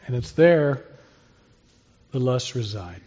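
A man preaches an expository sermon in an earnest, conversational manner, posing rhetorical questions and answering them himself. His voice is medium-pitched, expressive and slow, with a darkish tone and a breathy edge. The recording sounds slightly dull and lo-fi.

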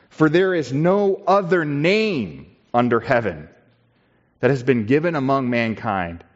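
Slow, emphatic preaching man. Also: lowish voice, dull audio. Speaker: pastor. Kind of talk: sermon. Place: church.

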